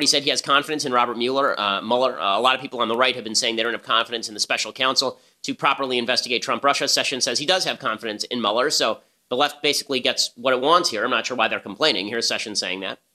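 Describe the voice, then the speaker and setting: Fast, bright-voiced male political commentator. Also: medium pitch. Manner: emphatic, argumentative. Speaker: political podcast host.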